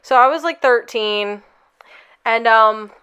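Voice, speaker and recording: A woman's voice: a little high, takes it slowly, sharp tone, clear, resonant tone. A young woman co-hosting a podcast, telling a long story in a rambling, casual way full of fillers. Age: young adult. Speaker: podcast co-host.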